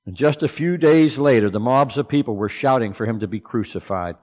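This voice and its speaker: A man preaching a sermon, swinging between loud, emphatic declarations and low, hushed asides. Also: a little fast, in a large hall.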